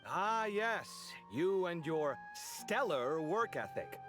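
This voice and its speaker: An actor voicing an expressive, easily indignant young architect in a game, full of quick banter. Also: male voice, high-pitched, music in the background, full character voice. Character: dramatic, sociable young male architect. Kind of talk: game voice acting.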